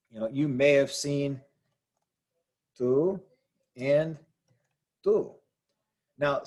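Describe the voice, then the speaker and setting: Guy teaching spanish accent marks, calm and patient, says example words twice, mid voice. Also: medium pitch. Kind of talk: explaining grammar to learners.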